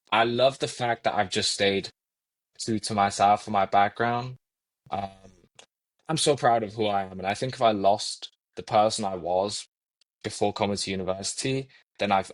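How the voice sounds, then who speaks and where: A man's voice: on the low side, fairly bright tone. A young man from England with a Coventry accent, a guest in an interview, talking earnestly and often repeating words as he thinks aloud. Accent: Coventry English. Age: young adult. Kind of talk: reflective interview conversation.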